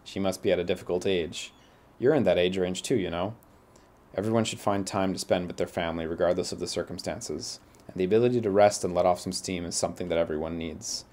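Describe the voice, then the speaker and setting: A man reading the measured lines of a caring, formal woman teacher from a game. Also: low-pitched, a little mellow, lightly acted. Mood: concerned. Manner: reads game text aloud, measured.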